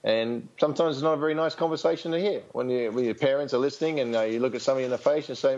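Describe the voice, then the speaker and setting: A man's voice: mid-range voice, very fast, few pauses, a little mellow, lo-fi sound. An Australian man speaking as a tennis coach in an interview, frank and rambling, with many fillers and restarts. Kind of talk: casual interview storytelling.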